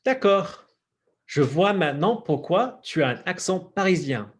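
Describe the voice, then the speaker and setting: A man's voice: sits high, sing-song, normal speed, voice pushed up. A man reading a young French woman's lines from a textbook dialogue in his own voice. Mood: friendly. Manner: plain read-aloud.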